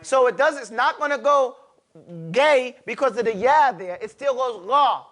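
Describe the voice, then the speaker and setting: A man's voice: very high-pitched, lively intonation, fairly quick, a bit bright. A man teaching a class, drilling letter sounds aloud and patiently correcting and explaining pronunciation. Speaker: Arabic teacher.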